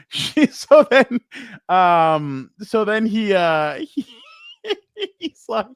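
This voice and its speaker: A man's voice: on the high side, expressive, extremely slow, smooth, dry recording, clean studio sound. A man co-hosting a sports podcast, telling stories in a rambling, casual way with many fillers. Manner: rambling, lots of fillers and laughs. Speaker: podcast co-host.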